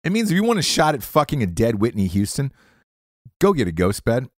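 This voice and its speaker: A podcast host turns sponsor ads into crude, rambling comic riffs full of swearing. His mid-range voice swings widely in pitch and moves a little fast, captured in a dry, studio-quality recording.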